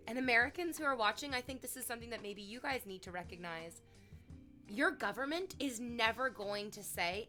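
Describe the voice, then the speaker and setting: A woman streamer with a bright, forceful voice, talking casually and animatedly to her chat. She drops into soft, reflective tones, then bursts out loud, swearing freely. Light music plays faintly behind her. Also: fairly high pitch, expressive, fairly quick.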